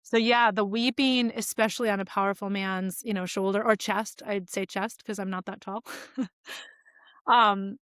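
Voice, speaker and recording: Woman, 40s, podcast guest; candid, reflective storyteller; mid-pitched voice; dry close sound. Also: steady tone, normal speed, fairly bright tone, smooth, no echo. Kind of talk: casual conversation.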